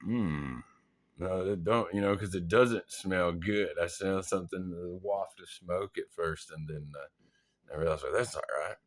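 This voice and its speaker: A man's voice: low voice, fairly even intonation, unhurried. A young man casually telling a wild story from his army days, laughing, swearing and acting out his own panicked thoughts. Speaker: vlogger.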